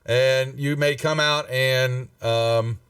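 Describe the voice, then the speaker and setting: A man's voice: medium pitch, slow pace, clear, resonant tone, no echo, clean studio sound. A man acting as dungeon master in a live tabletop game, talking loosely with many fillers and restarts. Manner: relaxed, rambling, lots of fillers. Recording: distant mic with music behind.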